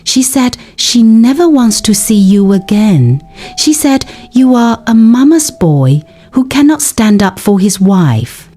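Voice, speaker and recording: A woman voicing a scheming, sweet-talking older mother-in-law in a smooth, falsely sweet manner. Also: a little high, very animated, slow pace, mellow, faint music behind, heavily acted.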